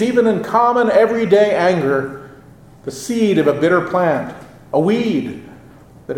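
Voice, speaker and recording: A man with a notably high voice preaches from the pulpit, measured and expressive. He leans into the quoted passages, stretching them out for weight. The sound carries the roomy echo of a church sanctuary. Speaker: pastor. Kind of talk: sermon.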